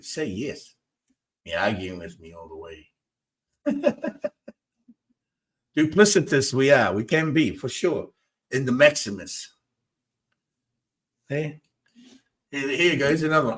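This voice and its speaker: A man's voice: mid-range voice, sing-song, moderate pace, pauses often. Emphatic man hosting a spiritual talk show. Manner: emphatic, repetitive, argues with viewers. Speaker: host.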